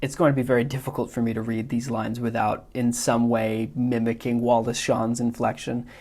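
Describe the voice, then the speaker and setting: A man hosting a podcast, giving a measured, analytical film discussion. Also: medium pitch, flat delivery, a little mellow. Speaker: podcast host.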